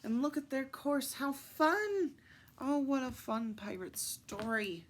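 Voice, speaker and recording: A woman reading picture books aloud at story time, expressive and adding little asides to her listeners. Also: a little high, measured pace, slight background noise.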